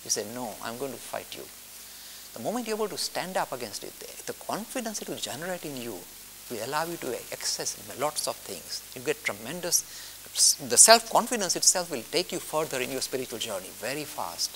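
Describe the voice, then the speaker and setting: Animated older male lecturer in a reverberant hall. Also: on the high side, a little fast. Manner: animated, acts out listeners' objections in mock voices; blunt and emphatic, repeats key points. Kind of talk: spoken lecture on spiritual discipline. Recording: long hall reverb with faint hiss.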